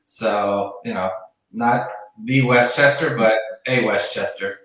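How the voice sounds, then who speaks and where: A man's voice: on the low side, slow pace. Guy in his 40s, laid back short answers, super echoey room. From Newtown Square, Pennsylvania. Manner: relaxed, brief answers. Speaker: guest, basketball executive. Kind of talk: casual interview.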